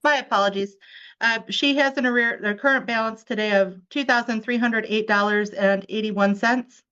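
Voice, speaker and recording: A woman's voice: on the high side, fairly even intonation, normal speed, a bit bright, lo-fi sound. A woman working as a court clerk, reading out payment records in a businesslike manner. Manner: matter-of-fact, businesslike. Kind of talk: reporting records.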